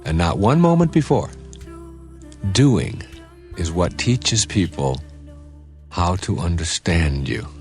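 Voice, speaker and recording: A man who is a spiritual teacher, giving a motivational lecture in a measured, emphatic way and repeating words for stress. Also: low-pitched, a little mellow.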